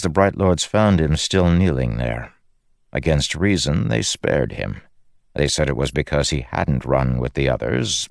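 A man narrating an audiobook in a measured, grave storytelling manner. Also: very deep voice, vocal fry, no echo, clean studio sound.

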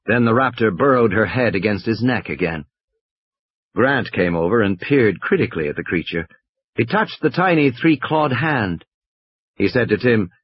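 A man narrating an audiobook in an expressive, varied reading. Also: on the low side, slightly rough, no echo, lo-fi sound.

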